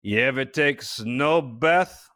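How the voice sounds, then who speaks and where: A man voicing a blunt, gruff Russian cosmonaut who speaks in short, broken English while telling a story. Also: medium pitch, slow, a bit bright. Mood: matter-of-fact.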